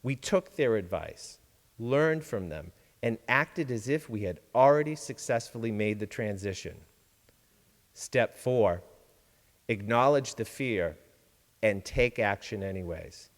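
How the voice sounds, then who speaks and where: A man giving a sermon-style reflection from a church pulpit, measured and deliberate, with dramatic pauses. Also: on the low side, animated, big-room sound. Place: large church sanctuary.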